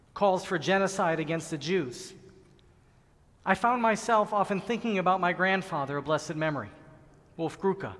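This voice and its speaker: Middle-aged rabbi guy giving a sermon, highish voice, long echo off the big hall. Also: a bit bright. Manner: measured, earnest sermon delivery with slow emphatic pauses. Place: large synagogue sanctuary. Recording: long reverb of a large hall.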